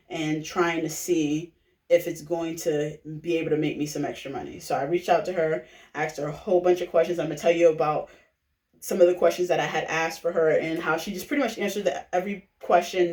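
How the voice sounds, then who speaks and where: A woman's voice: deep voice, a little mellow. A woman giving a casual personal testimonial to recruit people into a business, chatty and full of fillers, often tagging on "right?". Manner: chatty, filler-heavy, keeps asking "right?". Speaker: direct-sales recruiter sharing her testimonial. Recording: echoey room, voice from a distance.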